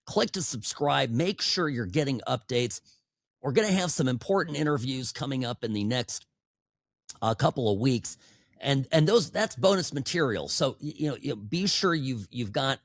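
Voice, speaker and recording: A man's voice: mid-range voice, lively intonation, normal speed, no echo. A man hosting a political talk podcast, delivering a sarcastic monologue that often stumbles and repeats words, into a studio microphone. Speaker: podcast host.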